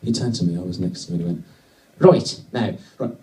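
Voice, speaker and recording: A man from Britain doing a stand-up routine, telling a wry story with sudden excited bursts. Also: low-pitched, rapid-fire, recorded from a distance, a crowd in the background. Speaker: stand-up comedian. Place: comedy venue with a live audience. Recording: echoey venue, mic from afar.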